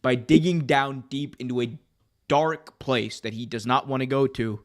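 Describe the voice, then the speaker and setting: A man's voice: medium pitch, steady tone, normal speed. A young man hosting a podcast, chatting casually and building hype with jokes and enthusiasm. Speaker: podcast host. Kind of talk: casual wrestling podcast chat.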